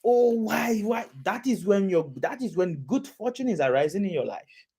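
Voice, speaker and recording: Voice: medium pitch, sing-song, moderate pace, warm tone, breathy edge. A preacher delivering a sermon, repeating phrases and asking the audience questions again and again.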